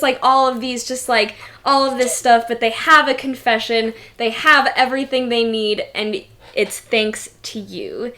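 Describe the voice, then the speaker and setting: A woman running a tabletop game, narrating casually with plenty of fillers. Her voice is fairly high and she talks at an easy, slow pace. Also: fairly even intonation, pushed and bright, a little hiss or hum. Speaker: game master.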